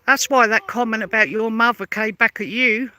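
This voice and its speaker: A London vlogger with a high-ish, sharp voice delivers an angry, sarcastic rebuttal rant to camera at normal speed, her intonation fairly even as she fires off pointed questions over and over.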